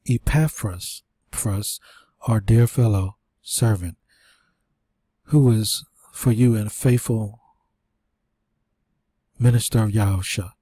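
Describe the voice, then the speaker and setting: A man's voice: fairly low pitch, warm tone, husky. A man teaching and reading scripture aloud in an informal sermon, short of breath, with restarts and asides. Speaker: preacher.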